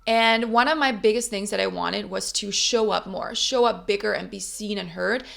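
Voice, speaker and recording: Twenty-something girl vlogging, heavy fry, chatty upbeat pep talk, cusses a bit. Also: medium pitch, normal speed, fairly bright tone. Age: 20s. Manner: chatty, upbeat, pep-talking, swears casually. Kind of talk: casual motivational talk to camera.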